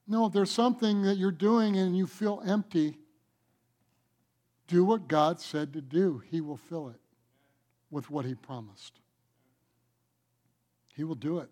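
A man preaching a sermon as pastor, emphatic, swinging between loud declarations and quiet asides. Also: high-pitched, measured pace, pauses often.

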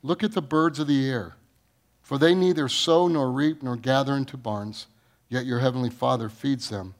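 A man preaching a sermon. He reads scripture aloud, asks the congregation questions, and swings from booming rises to low, quiet lines. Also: moderate pace. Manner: preaching with sudden rises in pitch and volume, then dropping low. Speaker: pastor.

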